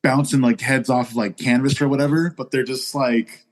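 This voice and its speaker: Male podcast guest, mid-pitched, relaxed storyteller. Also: normal speed. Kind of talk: casual chat.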